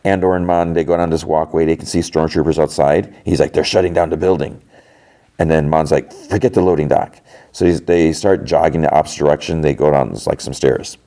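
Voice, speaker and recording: A man with a very deep, dark voice talks through a TV episode as a casual podcast recap. He retells each scene in a chatty way and keeps slipping into quick quoted lines from the characters. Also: steady tone.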